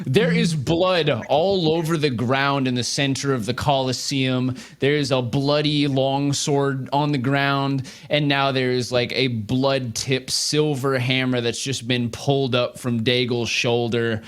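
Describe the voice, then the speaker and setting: A man's voice: medium pitch, steady tone, unhurried, few pauses. A man narrating as game master of a tabletop role-playing game, telling the scene loosely with fillers and laughs.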